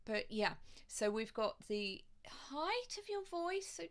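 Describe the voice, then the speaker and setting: A woman's voice: sing-song, slow. A woman voice coach giving online presenting tips to camera in a chatty, demonstrative way, speaking into a desk microphone in front of her. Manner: chatty and demonstrative, varies pitch and volume to show points.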